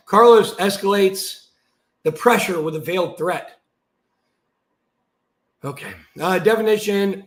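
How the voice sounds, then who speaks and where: Heated high-voiced man in an echoey room. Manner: heated, swings between reading aloud and shouting. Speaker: live streamer. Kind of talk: livestream monologue reading out a document.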